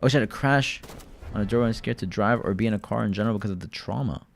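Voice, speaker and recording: A man's voice: mid-range voice, racing, slight background noise. A man streaming live and chatting casually with his viewers, talking in a laid-back, rambling way and often addressing the chat directly.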